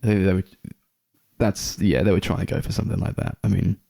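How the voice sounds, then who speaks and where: A man's voice: low-pitched, steady tone, fast talker, creaky, dark tone. A man co-hosting a casual chat, laid-back and swearing freely. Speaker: podcast co-host.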